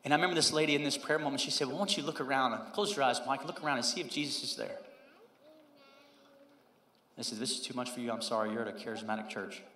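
A man in his thirties, a pastor preaching a sermon and telling a personal story, moving between loud emphasis and hushed, quoted prayer. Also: medium pitch, fast talker, slight background noise. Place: church sanctuary. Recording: roomy hall reverb.

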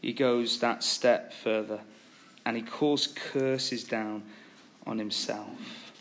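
A man preaching a sermon, retelling a story with animated, acted-out quotes. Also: mid-range voice, takes it slowly, slight background noise.

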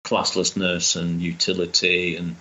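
A man's voice: deep voice, completely flat delivery, unhurried, sharp tone, dull audio. A man chatting enthusiastically as a guest, rambling with restarts. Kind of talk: casual chat.

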